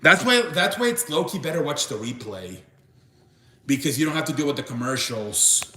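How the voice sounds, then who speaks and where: A man's voice: fairly high pitch, big pitch swings, normal speed, bright, forceful tone, a little hiss or hum. A young man hosting a casual live stream, rambling and restarting his sentences as he reacts to chat. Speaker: live show host. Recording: echoey room.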